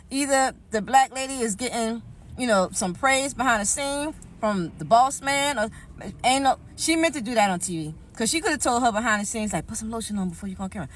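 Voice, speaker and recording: Emphatic woman with a high-set voice. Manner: chatty, emphatic, repeats herself. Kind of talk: casual reaction commentary.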